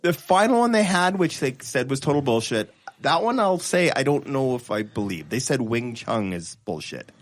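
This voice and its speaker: A man's voice: medium pitch, sing-song, moderate pace, hardly any pauses. A man co-hosting a podcast, casually retelling videos with restarts and laughter. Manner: rambling storyteller, laughs at own stories, restarts often. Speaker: podcast co-host. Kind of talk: casual panel chat.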